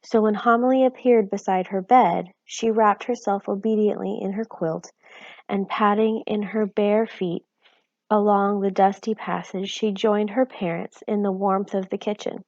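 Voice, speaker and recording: A woman reads a children's novel aloud in a calm, even storytelling voice at a middle pitch. The sound is dull and lo-fi. The room is dry, with no echo. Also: measured pace. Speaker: reader.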